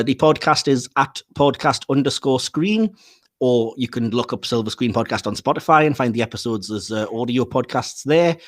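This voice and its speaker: A man hosting a casual film podcast, chatting freely, laughing often and trailing off with fillers. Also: medium pitch. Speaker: podcast host.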